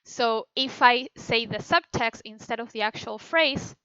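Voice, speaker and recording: A woman animator explains her work in an informal teaching talk, thinking aloud and correcting herself often. Her voice sits a little high and sounds bright and tense, and the room is dry. The recording itself is dull and lo-fi. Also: a little slow, clean tone, dry recording. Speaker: animator teaching a feedback session.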